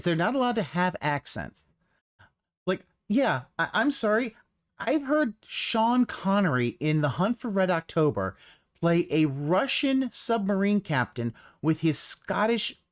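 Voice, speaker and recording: A streamer reacting live to a video, with a voice that swings widely up and down. The talk is sarcastic and profane, full of half-started sentences and quick restarts. Picked up on a desk mic. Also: mid-range voice. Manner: sarcastic, swears freely, trails off and restarts often. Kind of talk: casual reaction commentary.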